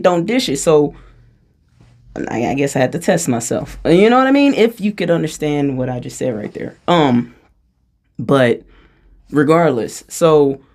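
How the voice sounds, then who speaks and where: Gravelly voice in a chatty channeling monologue. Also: medium pitch. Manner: animated and chatty, frequent laughs. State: out of breath. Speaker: spiritual channeler.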